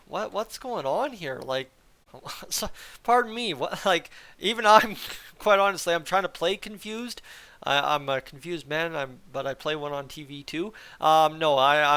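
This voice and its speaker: A male host of a hockey video channel, talking in a loose, rambling way and poking fun at himself. His voice sits a little high for a man, with a smooth, resonant tone. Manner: rambling, animated, self-deprecating. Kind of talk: casual hockey commentary.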